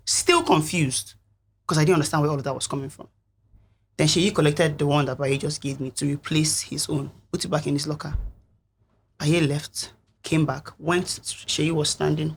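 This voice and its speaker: A young woman, a reality show contestant, recounting events in an interview in an earnest, reflective way, with a husky voice. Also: low voice, a little hiss or hum.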